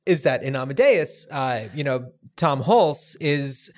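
A man co-hosting a podcast, chatting about films in a relaxed way and hedging with fillers. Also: medium pitch, a little slow. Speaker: podcast co-host. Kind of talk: casual film discussion.

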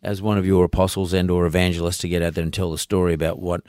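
A low, deep-voiced middle-aged man with an Australian accent, talking in an emphatic, folksy way as a podcast host. He circles back and repeats his points. The sound is close and dry, with no room echo. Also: flat delivery, very fast, darkish tone. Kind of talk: casual interview chat.

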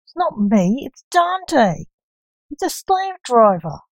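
A woman's voice: mid-range voice, normal speed, mellow, dry recording, lightly acted. A woman reading the part of a grumpy, overworked male Grim Reaper king who grumbles and snaps. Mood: grumbling. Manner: grumbling, snappish.

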